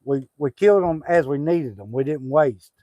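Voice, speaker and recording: A middle-aged man from Southwest Arkansas, talking loosely about country life on a homestead livestream. His voice sits a bit high for a man and sounds close and dry. He rambles warmly with many fillers and restarts. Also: moderate pace, no room sound, dull audio. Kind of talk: casual livestream chat.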